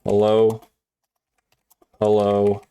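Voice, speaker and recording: Guy putting on a flat robot tts voice, quiet, monotone, kinda deep. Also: extremely slow, smooth. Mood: robotic. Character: monotone male text-to-speech robot.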